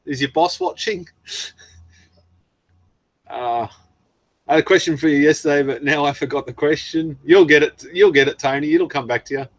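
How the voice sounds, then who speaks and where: A man's voice: fairly high pitch, moderate pace, long pauses, no room sound. Chatty Australian man, dry sound. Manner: chatty, reads viewer messages aloud with frequent laughs and ums. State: throat worn from long talking. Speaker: livestream host. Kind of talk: casual live-stream chat.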